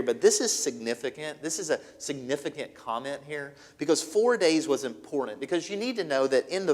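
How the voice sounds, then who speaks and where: Man, pastor mid-sermon: slightly high voice, dramatic storyteller who drops to a hush, ringing hall. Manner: dramatic storytelling, swings from loud to hushed. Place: church.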